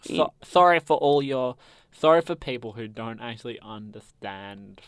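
A man's voice: mid-range voice, lively intonation, moderate pace, clean tone, no room sound. A young man co-hosting a radio show, teasing and giggly in casual banter.

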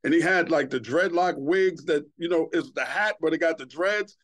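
Speaking at a measured, moderate clip with a somewhat high voice, a middle-aged man from Queens guests on a podcast. The onetime TV host keeps things casual and colorful, cursing through his stories and mimicking the people he quotes.

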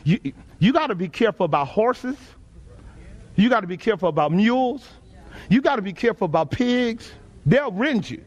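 A man's voice: sits high, expressive, normal speed, muffled recording. A man from Texas with a Texan accent, preaching a sermon to a congregation in a folksy, emphatic call-and-response style. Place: church sanctuary before a congregation.

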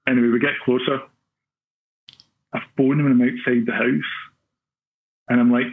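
Glaswegian guest storyteller, husky, tinny phone-like line, rambling and self-deprecating. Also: male voice, mid-range voice, level tone, brisk, pauses often. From Scotland. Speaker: podcaster guest. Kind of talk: casual storytelling.

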